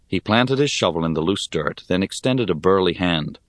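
A male narrator with a deep voice reads a fantasy adventure at an unhurried pace. His lively intonation rises and falls through the tale. The recording is close-miked and dry. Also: no room sound. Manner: measured and expressive. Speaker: audiobook narrator. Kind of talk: first-person storybook narration.

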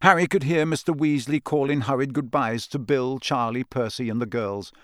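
A man reading a story aloud as audiobook narrator in steady storytelling. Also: mid-range voice, normal speed, dry recording, studio quality. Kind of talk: scripted narration.

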